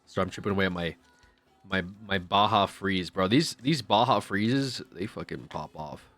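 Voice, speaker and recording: A man's voice: low voice, moderate pace, fairly bright tone, faint music behind. A man streaming live, chatting casually and rambling with profane jokes to his chat.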